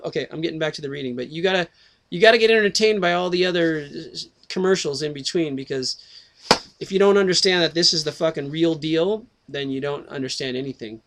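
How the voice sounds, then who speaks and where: A man's voice: a little high, brisk, fairly bright tone. A man rambling through a profane video monologue on a headset mic, swearing constantly, breaking off into tangents and restarting his sentences. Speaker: video host.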